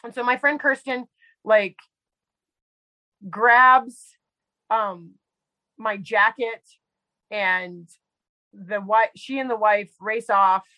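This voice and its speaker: A woman's voice: medium pitch, extremely slow, long pauses, bright, forceful tone, dry recording, low-quality recording. A woman guest telling a personal story in casual conversation, chatty and full of "like" and fillers. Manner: chatty, heavy use of "like" and fillers. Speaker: podcast guest; medical provider.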